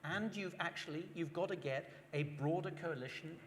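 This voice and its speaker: A man speaks frankly on a panel, sounding exasperated. His voice sits somewhat high for a man. It rings with a long hall reverb over faint hiss. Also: moderate pace. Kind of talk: panel discussion.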